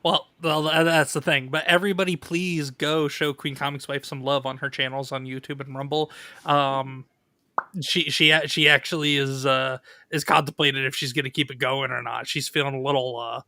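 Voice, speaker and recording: A man on a podcast speaking earnestly, a bit halting with restarts. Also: mid-range voice, little pitch movement, bright, forceful tone, no room sound. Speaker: podcast guest. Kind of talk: casual chat.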